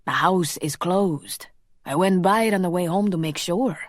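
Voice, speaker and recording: A woman's voice: fairly low pitch, moderate pace, no echo, clean studio sound, lightly acted. Woman voicing a cocky, teasing male shapeshifter. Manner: joking, slangy banter.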